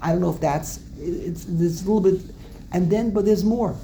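Male Torah teacher, gravelly and a bit high-pitched, rambling classroom delivery. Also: moderate pace, dark tone, slight background noise. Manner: digressive, repeats words, restarts often.

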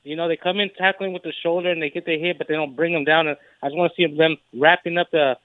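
A man phones in to a sports radio show and talks casually in a conversational tone. His voice comes through a narrow, tinny phone line. The sound is dry, with a slightly higher pitch than most men. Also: steady tone, quick pace, no echo. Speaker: caller. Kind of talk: phone-in call.

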